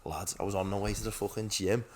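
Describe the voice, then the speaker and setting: A man's voice: fairly low pitch, fairly even intonation, quick pace. A young man in his twenties co-hosting a podcast in casual chat, swearing often and calling his friend "lad". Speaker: podcast co-host. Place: studio set with a couch.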